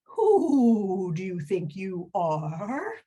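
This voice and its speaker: Children's story: woman puts on a big commanding owl who hoots slowly. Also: mid-range voice, wildly swooping pitch, warm tone, breathy edge, full character voice. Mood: hooting. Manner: hooting, slow and deliberate. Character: wise, commanding great horned owl, male.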